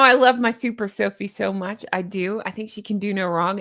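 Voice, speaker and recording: A woman's voice: medium pitch, creaky, a bit bright. A woman with a Southern American accent, chatting in a gushing, giddy way as she comments on royal news. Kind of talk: casual chat.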